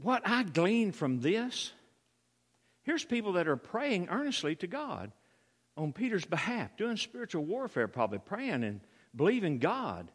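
A man preaching a sermon, acting out reactions with sudden shouts. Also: high voice, sing-song, measured pace, big-room sound.

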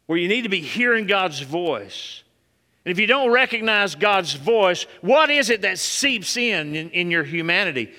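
A man preaching a sermon as a pastor, swinging from loud emphatic peaks to soft low passages and calling out to the congregation. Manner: emphatic, rises loud and high on key points, drops soft and low for quiet moments; calls out to the congregation. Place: church sanctuary. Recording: long hall reverb.

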